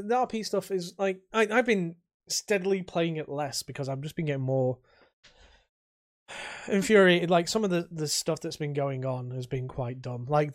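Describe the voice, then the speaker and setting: A man chatting casually on a podcast, his voice a bit higher than most men's. He talks in a halting, rambling way and restarts sentences often, recorded close and dry. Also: no room sound. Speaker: podcast co-host. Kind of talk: casual chat.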